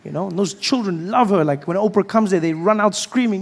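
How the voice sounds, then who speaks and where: A man in his thirties with a South African accent, performing an animated stand-up routine and acting out voices. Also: sits high, brisk, hardly any pauses, long reverb tail. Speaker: stand-up comedian. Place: comedy stage before a live audience. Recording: live show with faint crowd and noise.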